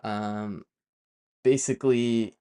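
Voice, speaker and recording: A man's voice: lowish voice, steady tone, takes it slowly, dark tone, clean tone. A man talking casually while he codes on a live stream, rambling with lots of fillers and self-corrections and wandering off on playful side tangents. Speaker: developer live-streaming his work.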